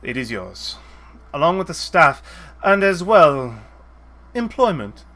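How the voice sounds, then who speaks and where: Calm regal mage lady, a guy voicing her, measured and gracious, kinda bright tone. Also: fairly high pitch, exaggerated voice.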